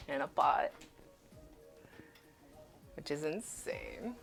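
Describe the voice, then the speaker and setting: A woman with a low, deep voice talks loosely as she cooks in her home kitchen, rambling and swearing with easy laughs. Faint music plays beneath her. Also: animated, measured pace, gravelly, pauses often. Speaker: cooking streamer. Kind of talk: casual live-stream chat while cooking.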